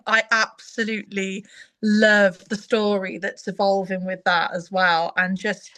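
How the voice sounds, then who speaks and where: A woman's voice: medium pitch, level tone, measured pace, sharp tone. A young woman chatting eagerly as a podcast guest, rambling with restarts. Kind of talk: casual chat.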